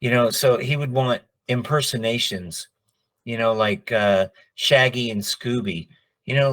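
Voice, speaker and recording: A man's voice: medium pitch, unhurried. A middle-aged man, a voice actor, telling stories in a casual interview and acting out the people he quotes. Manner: animated, acts out quoted dialogue. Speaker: voice actor guest.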